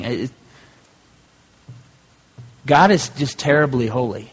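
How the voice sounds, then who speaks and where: A man's voice: medium pitch, unhurried. Man preaching in a reverberant hall. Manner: conversational preaching with repeated restarts. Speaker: pastor. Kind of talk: sermon.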